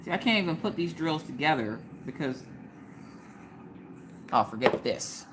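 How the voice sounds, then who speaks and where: A woman's voice: low-pitched, expressive, a little slow, background noise. A woman hosting a casual craft live stream, joking around and answering viewers in the chat by name.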